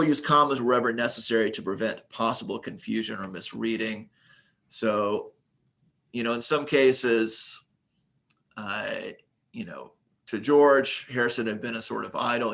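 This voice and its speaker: A man's voice: lowish voice, vocal fry, a bit bright. A man teaching a recorded grammar lesson, reading example sentences aloud and explaining them methodically, with the occasional filler.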